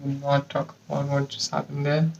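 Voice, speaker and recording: A man's voice: medium pitch, completely flat delivery, normal speed, gravelly, muffled recording, background noise. A young man working alone at a bench, muttering measurements and swearing in frustration as he goes. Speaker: hobbyist lab vlogger. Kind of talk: casual working commentary. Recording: echoey room, distant mic.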